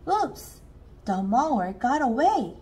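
A woman's voice: on the high side, sing-song, slow, darkish tone, slightly rough, voice pushed up, full character voice. A woman voicing an eager, helpful little boy critter in a chirpy child voice for a storybook read-aloud.

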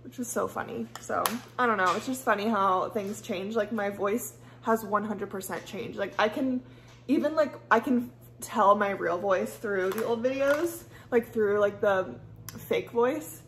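A woman's voice: mid-range voice, unhurried, a bit bright, slight background noise. A young woman from the US Midwest with a Valley girl accent, chatting casually and rambling while doing her makeup at home. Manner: chatty, rambling, heavy use of "like". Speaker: beauty vlogger. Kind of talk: casual get-ready-with-me chat.

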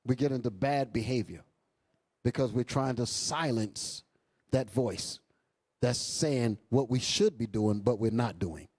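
A male bishop preaching a sermon with impassioned bursts and low asides, calling out to the congregation. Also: unhurried, a little mellow, breathy edge, no echo. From New York. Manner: calls out to the congregation. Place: church hall.

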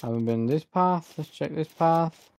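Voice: medium pitch, a little slow, creaky, a little mellow. A gamer giving frustrated gameplay commentary, swearing often and talking at the game. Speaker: gamer streaming a playthrough.

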